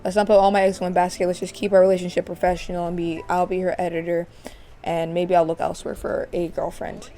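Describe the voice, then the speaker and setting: A cautious young man in a life-sim game muses aloud, talking himself through his choices, as a woman puts him on. Her voice sits fairly low and mellow. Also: little pitch movement, quick pace, faint music behind, lightly acted. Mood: musing. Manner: musing, self-talking.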